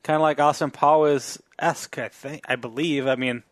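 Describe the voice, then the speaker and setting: Hesitant, higher-voiced male co-host. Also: steady tone, normal speed, no room sound. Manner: hesitant, hedging. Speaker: podcast co-host. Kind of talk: casual chat.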